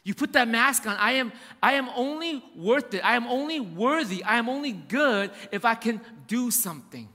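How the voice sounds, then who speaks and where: A man's voice: extremely high pitch, expressive, normal speed, hardly any pauses, bright, forceful tone, long reverb tail. A man preaching a sermon as pastor, emphatic and repetitive, addressing his church directly.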